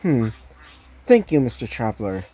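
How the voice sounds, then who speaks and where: Polite young traveler girl, as a woman reads her, easygoing, low and mellow. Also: sing-song, moderate pace, slightly rough, full character voice. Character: friendly young female traveler.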